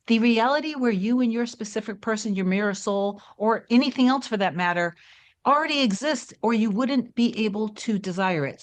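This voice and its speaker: Reassuring woman coaching viewers. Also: mid-range voice. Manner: warm, reassuring, conversational with many asides. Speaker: manifestation coach. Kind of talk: casual coaching monologue to camera.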